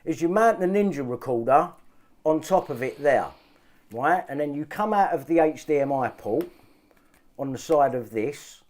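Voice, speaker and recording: Man, angry vlog rant, frequent swearing, high-ish voice, very animated pitch. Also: normal speed. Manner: agitated, swearing, repeats himself. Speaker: vlogger. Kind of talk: ranting monologue to camera.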